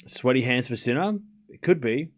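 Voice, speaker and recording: A man with a mid-range voice and lively intonation, speaking at normal speed, runs a live tennis watchalong. He keeps a casual play-by-play of the score and shots going, talks to viewers, thanks supporters, and playfully scolds chat.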